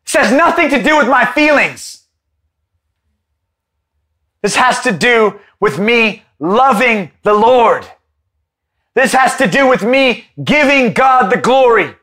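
A man preaching an impassioned Bible-study sermon, rising at times to a shout. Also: very high voice, animated, slow, long pauses.

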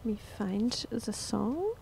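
A young woman musician casually chatting with her livestream viewers between songs, relaxed and rambling. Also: a little high, slow, vocal fry, slight background noise. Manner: relaxed, rambling, laughs at herself.

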